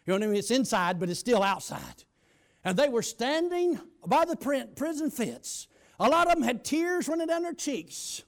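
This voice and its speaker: High, gravelly-voiced preacher. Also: male voice, big pitch swings, normal speed. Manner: folksy storytelling with sudden shouted bursts. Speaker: pastor. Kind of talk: testimony sermon.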